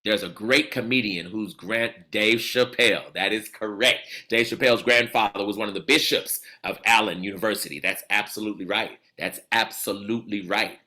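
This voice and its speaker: Energetic man, bright and forceful, audience-driving lecturer. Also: fairly low pitch, normal speed, hardly any pauses. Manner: exuberant, repeats cheers like "come on" and "absolutely". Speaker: speaker leading an audience call-and-response. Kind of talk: energetic call-and-response lecture.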